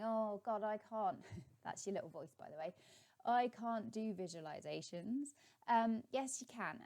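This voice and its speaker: A woman's voice: medium pitch, warm tone. A middle-aged woman, a life coach, giving a guided visualisation tip in a chatty, encouraging way with many ums.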